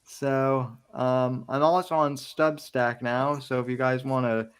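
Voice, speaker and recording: A man's voice: medium pitch, steady tone, takes it slowly, clean tone. A man hosting a casual podcast chat, rambling with stammering restarts. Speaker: podcast host.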